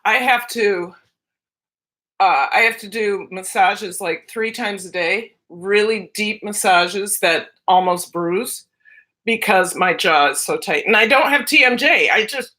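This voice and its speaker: A woman's voice: mid-range voice, unhurried, bright, forceful tone. A middle-aged woman vlogger chatting casually with her live-stream viewers while cooking breakfast, rambling and barely moving her jaw as she talks. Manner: chatty and rambling, with frequent restarts.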